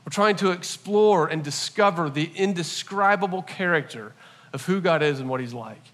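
A man in his forties gives a sermon in a bright, clear voice, pitched a little high. He tells stories in an earnest, lively way. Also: moderate pace. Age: 40s. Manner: storytelling, animated and earnest. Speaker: pastor.

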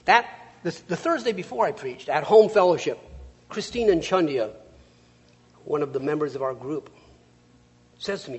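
A man preaching a sermon, reading scripture and then telling stories in a lively, conversational way. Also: fairly high pitch, moderate pace, pauses often, slightly rough. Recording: long reverb of a large hall.

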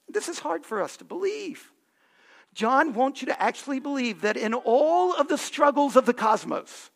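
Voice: high-pitched, big pitch swings, normal speed, vocal fry. A pastor preaching a sermon, asking the congregation questions and building to emphatic points.

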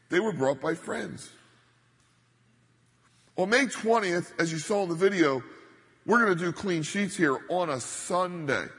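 A man's voice: sits high, a bit bright, slightly rough. A middle-aged man preaching a sermon as a pastor, speaking emphatically and leaning hard on his key points. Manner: emphatic, building to stressed points. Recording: reverberant church hall.

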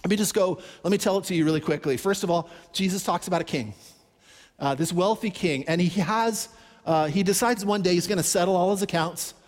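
Man, pastor, sermon, animated storytelling, high pitch, long hall reverb. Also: fairly quick. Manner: animated storytelling, acts out characters' pleas.

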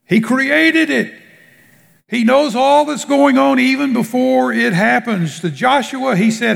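A man preaching a sermon slowly and emphatically, drawing out his words and dropping low at the ends of phrases. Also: gravelly, a bit bright. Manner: slow, emphatic preaching with drawn-out words and sudden drops in pitch. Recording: long hall reverb.

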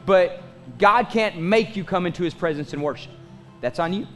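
A man's voice: high voice, moderate pace, fairly bright tone, faint music behind. A pastor in his forties preaching a sermon in a conversational style, asking the congregation questions and making asides. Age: 40s.

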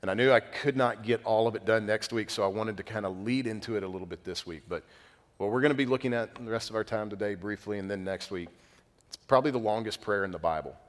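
A young man preaches a sermon as a pastor, his fairly low voice ringing through a hall with a long echo. He speaks quickly, telling stories in a relaxed, chatty way, getting louder when excited and then dropping suddenly to quiet, solemn emphasis.

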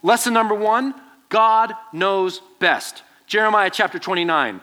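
A young man preaching to students as their pastor, telling a personal story with lively, acted-out quotes. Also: high-pitched, unhurried. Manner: animated storytelling, acts out quoted voices. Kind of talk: youth sermon with personal story.

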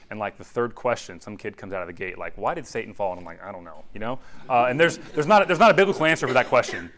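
Pria berkhotbah dengan gaya santai dan hidup. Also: male voice, mid-range voice. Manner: conversational, animated preaching with asides to the audience. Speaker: pastor. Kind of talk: sermon.

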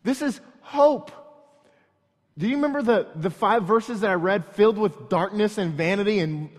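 A man's voice: sits high, a little fast. Emphatic preacher, man, echoing hall. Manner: emphatic, repeats lines for stress. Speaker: pastor. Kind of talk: sermon. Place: church hall. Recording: long reverb in a church hall.

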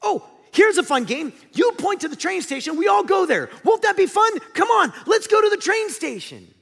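A man putting on the voice of a bubbly, relentlessly cheerful female character, high and loud. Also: very animated, normal speed, vocal fry, heavily acted. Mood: frantic cheer. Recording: long hall reverb.

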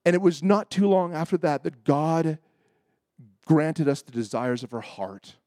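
A man's voice: on the high side, unhurried, dry recording, studio quality. A man preaching a sermon, telling a personal story with acted-out dialogue and building to emphatic points. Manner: animated storyteller, acts out quoted voices, rising to emphatic preaching. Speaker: pastor.

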